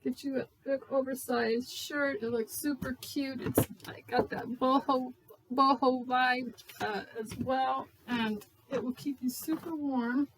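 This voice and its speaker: A woman vlogging casually, talking earnestly about her faith, emotional at times, with restarts and soft asides. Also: sits high, fairly even intonation, measured pace, noisy background. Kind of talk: casual vlog talk.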